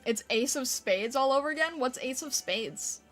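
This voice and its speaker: A woman's voice: high voice, lively intonation, moderate pace, a bit bright. A woman streamer chatting casually with her viewers, playful and giggly as she reacts to their messages. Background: faint background music.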